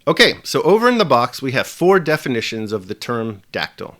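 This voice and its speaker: A man presenting a scripted video lesson with a measured, emphatic delivery. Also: mid-range voice, sing-song, a bit bright. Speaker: teacher.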